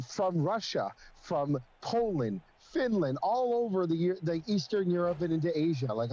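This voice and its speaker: A man's voice: sits high, a little mellow, muffled recording. A man chatting casually on a stream, rambling with many restarts and fillers. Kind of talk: casual chat.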